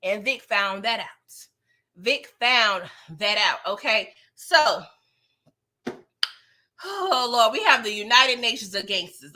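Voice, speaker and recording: A woman recapping TV episodes in casual, slangy commentary, animated and sassy, swearing freely. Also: a little high. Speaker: show reviewer.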